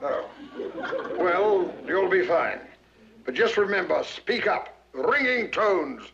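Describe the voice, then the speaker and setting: Man as fussy theatrical drama coach, high gravelly voice, dull TV sound with music. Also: animated, takes it slowly, exaggerated voice. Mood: encouraging. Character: fussy male school drama teacher. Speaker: play director. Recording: dull archival TV audio with music.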